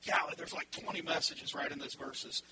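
A male pastor preaching an animated sermon, acting out the people in the story. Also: a little fast, noisy background. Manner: animated, acts out voices in the story.

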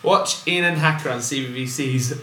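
Deadpan young man, echoey room. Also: mid-range voice, normal speed. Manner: dry, deadpan jokes. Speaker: podcast co-host. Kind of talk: casual comedic chat. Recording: echoey room with faint hiss.

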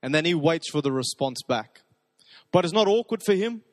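A man preaching a sermon, telling stories in a conversational way and dropping to soft, intimate repetitions. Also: on the high side, animated, normal speed, no room sound. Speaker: pastor.

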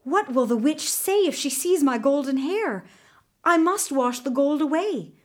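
A woman's voice: sits high, lively intonation, unhurried, pitched above the performer's own voice. A woman voicing a nervous, eager young boy hero in a storybook reading. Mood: worried.

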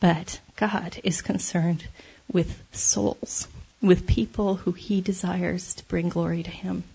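A woman's voice: fairly low pitch, fairly even intonation, slow, gravelly, warm tone, breathy edge. A woman giving a conversational devotional talk, candid and self-deprecating, laughing often as she speaks.

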